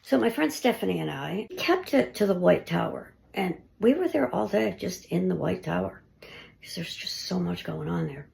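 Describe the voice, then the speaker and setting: A woman investigating the paranormal, talking casually through her recordings and often dropping to a hushed near-whisper. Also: lowish voice, expressive, moderate pace, gravelly, slight background noise. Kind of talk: casual narration of ghost-hunt recordings.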